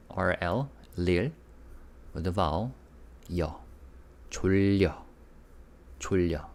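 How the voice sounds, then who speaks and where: A man with a very low voice teaches a live online Korean class. He is upbeat and patient, breaking words into syllables and answering questions from the chat. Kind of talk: live online language lesson.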